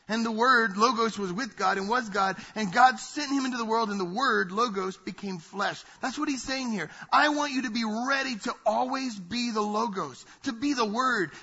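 A male pastor preaching a sermon, animated, acting out quoted voices and dropping to hushed asides. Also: high voice, husky, dull audio. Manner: animated preaching, acts out quoted voices, drops to near-whispers.

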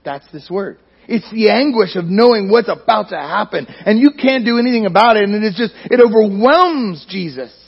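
A man preaching a sermon in a church, speaking emphatically and often sinking to near-quiet at the ends of phrases. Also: sits high, lively intonation, moderate pace, creaky, few pauses, breathy edge. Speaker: pastor. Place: church sanctuary. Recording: dull lo-fi recording.

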